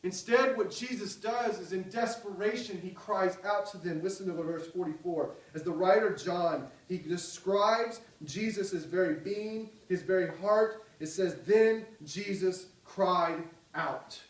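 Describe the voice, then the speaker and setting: Impassioned pastor in an echoey hall. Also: male voice, high-pitched, measured pace, hardly any pauses, far from the mic. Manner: impassioned, swinging from loud cries to soft pleading. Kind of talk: sermon.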